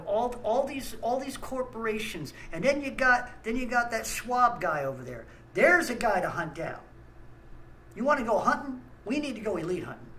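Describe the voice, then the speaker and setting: A man's voice: high-pitched, bright, forceful tone, slight background noise, poor audio. Angry man ranting. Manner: angry, blunt, stammering restarts. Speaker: ministry host.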